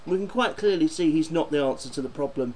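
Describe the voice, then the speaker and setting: A man's voice: a little high, lively intonation, fast, darkish tone, a little hiss or hum, rough recording. A man doing a football fan video, ranting and swearing in exasperation about his team.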